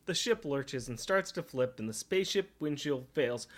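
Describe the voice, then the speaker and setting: A man's voice: medium pitch, lively intonation, normal speed, hardly any pauses, fairly bright tone. A man co-hosting a casual comic book podcast, recapping the story with sarcastic jokes and mock challenges. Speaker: podcast co-host. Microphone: podcast microphone.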